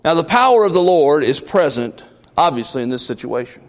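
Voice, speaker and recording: A man's voice: fairly high pitch, big pitch swings, fairly quick. A male pastor preaching a sermon in a church, emphatic and questioning the congregation. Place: church sanctuary. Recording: long reverb of a large church.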